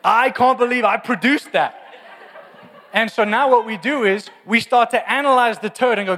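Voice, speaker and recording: A man preaching a humorous, lively sermon in a church. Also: very high voice, moderate pace. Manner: humorous, animated preaching with acted prayers. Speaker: pastor. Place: large church hall. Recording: reverberant church hall.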